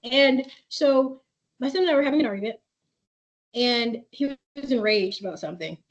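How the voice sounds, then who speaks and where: Woman, therapist host of a parent webinar, slightly high voice, earnest and chatty, muffled video-call audio. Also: expressive, normal speed. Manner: warm, earnest, conversational, reads chat comments aloud. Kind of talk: webinar presentation with chat reading.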